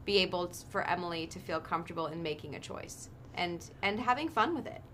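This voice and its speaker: A woman's voice: fairly low pitch, expressive, fast, bright, forceful tone, a little hiss or hum. A woman in her thirties, an actress chatting in a casual interview, thoughtful and chatty with lots of ums and likes. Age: 30s. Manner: thoughtful, chatty, with frequent um and like fillers. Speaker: actress guest.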